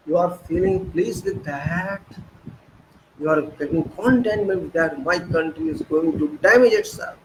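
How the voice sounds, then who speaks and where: Speaking at a normal speed, a fairly high-voiced man with an Indian English accent animatedly rails as a political commentator, firing off indignant rhetorical questions and sarcastic digs. Faint hiss runs beneath the recording.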